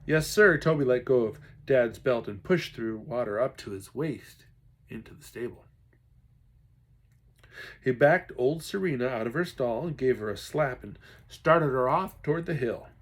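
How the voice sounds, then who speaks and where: A man's voice: medium pitch, measured pace. A man reading a children's novel aloud expressively, now and then talking to his listeners. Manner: expressive, stops to chat with listeners. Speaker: reader.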